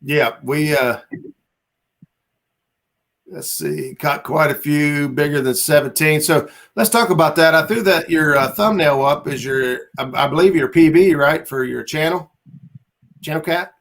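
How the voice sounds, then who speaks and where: A man's voice: fairly high pitch, unhurried, fairly bright tone. A man hosting a casual livestream chat, laid-back and rambling as he reads out viewer comments. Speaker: livestream host.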